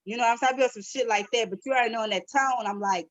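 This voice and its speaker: A woman co-hosting a podcast in casual chat, blunt and profane, telling stories with animated quoted voices. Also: on the high side, very fast, no echo, muffled recording. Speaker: podcast co-host.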